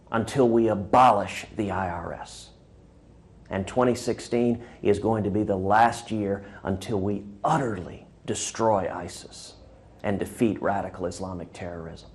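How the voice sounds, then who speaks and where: A man's voice: lowish voice, measured pace, a little mellow. A man, a presidential candidate, giving a punchy speech-style holiday greeting and telling a joke. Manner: punchy, rhetorical, builds by repetition.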